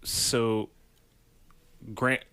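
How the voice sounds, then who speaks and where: A man's voice: extremely slow, pushed and bright, no echo. A man co-hosting a podcast, telling rambling stories in casual chat and swearing freely. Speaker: podcast co-host.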